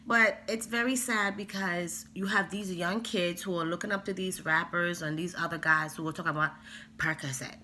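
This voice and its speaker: A woman talking to camera in a casual vlog, emphatic and animated, lecturing parents with asides. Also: fairly low pitch, moderate pace, slight background noise. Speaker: vlogger.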